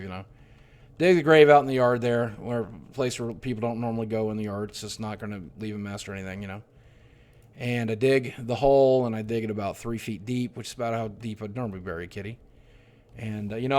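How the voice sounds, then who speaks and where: A middle-aged man telling a painful personal story on his livestream, swearing often and swinging between hushed mutters and loud outbursts. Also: medium pitch. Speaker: streamer.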